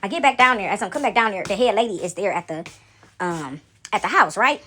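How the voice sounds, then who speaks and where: A woman's voice: mid-range voice, expressive, fast talker, sharp tone, husky. A woman casually telling a story to her viewers, chatty and talking straight to them. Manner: chatty, addresses viewers as y'all.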